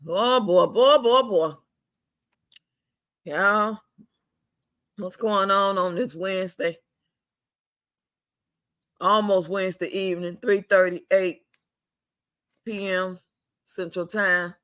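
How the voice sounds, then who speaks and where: An older man with a drawl vents on a live stream from home, profane and fuming, circling back to the same complaints and stretching some words out. His voice sits high and bright, with a sharp edge. The sound is dry and close, with no room echo. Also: steady tone, slow pace, long pauses. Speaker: livestream host. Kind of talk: angry venting live stream.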